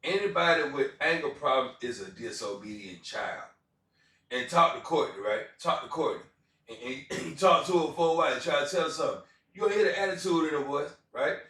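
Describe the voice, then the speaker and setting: A man's voice: fairly high pitch, animated, fairly quick, pushed and bright. Man, loose rambling street-style preaching, far off in a very echoey room. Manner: rambling, repeats phrases, many fillers. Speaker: informal preacher. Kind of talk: casual street sermon.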